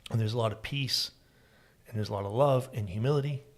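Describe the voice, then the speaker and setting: A man's voice: mid-range voice, a little fast. A man who hosts a podcast, speaking in reflective casual conversation. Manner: reflective, backchannels often. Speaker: podcast host.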